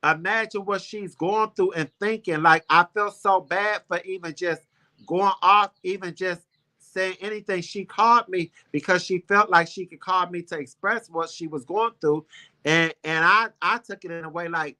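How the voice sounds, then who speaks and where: A man's voice: high voice, fairly even intonation, normal speed, sharp tone. A man hosting a casual talk show, telling a personal story in a heartfelt, rambling, emphatic way. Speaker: show host.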